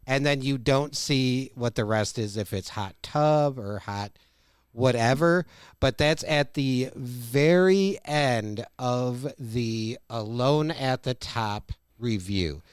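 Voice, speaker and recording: A man's voice: mid-range voice, takes it slowly, clean tone, no room sound, clean studio sound. A man co-hosting a podcast, recapping an episode's plot and quoting its lines. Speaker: podcast co-host.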